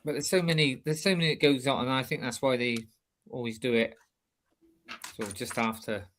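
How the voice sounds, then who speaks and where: A man's voice: mid-range voice, steady tone, a little fast, fairly bright tone, a little hiss or hum. A man with a Bristolian accent co-hosting a casual chat, talking hesitantly with many restarts. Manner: hesitant, full of ums and restarts.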